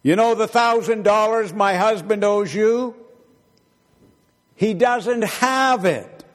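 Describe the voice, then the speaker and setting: A man voicing an exasperated wife who shouts out of a window, in a reverberant hall. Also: slow. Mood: yelling. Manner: shouting, shrill.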